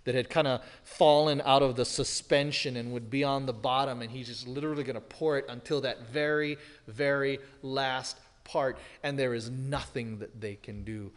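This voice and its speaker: A man preaching an expository sermon as pastor, emphatic, swinging from loud declarations to hushed, serious lines. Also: mid-range voice, fairly even intonation, moderate pace, few pauses. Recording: long hall reverb.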